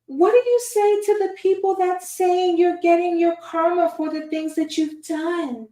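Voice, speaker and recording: A woman's voice: very high-pitched, steady tone, unhurried, warm tone, voice pushed up. A woman doing a mocking impression of a prim, nosy church lady who asks prying questions. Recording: echoey room, far from mic.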